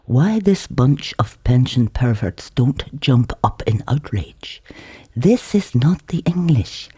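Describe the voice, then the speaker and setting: A man's voice: medium pitch, very animated, slow pace, warm tone, slightly rough, no room sound, exaggerated voice. A man voicing a scheming, conspiratorial Syrian man who fires off urgent questions. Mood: indignant.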